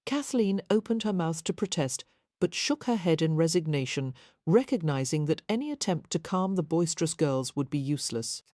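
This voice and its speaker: A woman narrating a historical romance audiobook in an even, measured reading. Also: deep voice, no room sound, clean studio sound. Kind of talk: scripted narration.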